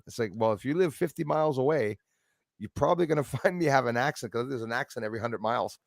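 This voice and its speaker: A man whose first language is French, hosting a casual chat and telling animated stories with mimicked accents. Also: medium pitch, fast, gravelly, no echo. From Canada. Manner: animated storyteller, mimics accents, laughs often. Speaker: channel host.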